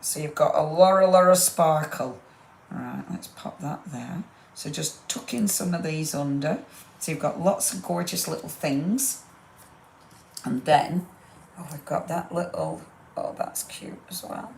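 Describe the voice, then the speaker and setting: Brief: woman, craft demo host, low gravelly voice, gushing and chatty. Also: measured pace, darkish tone, slight background noise. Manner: chatty and gushing, rambling asides. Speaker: craft demonstrator. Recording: roomy echo.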